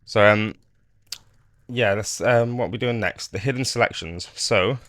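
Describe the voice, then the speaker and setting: A man with a fairly low voice talks a little slowly, recorded dry and at studio quality. He casually walks through a modding tutorial on his screen, rambling in a relaxed way with lots of fillers and restarts.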